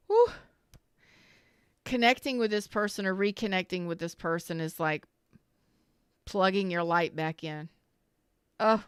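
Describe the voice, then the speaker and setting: A woman's voice: medium pitch, clean tone, no echo. A woman giving a live-streamed tarot reading, talking in a rambling, candid and emotional way with casual swearing while close to tears. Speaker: tarot reader.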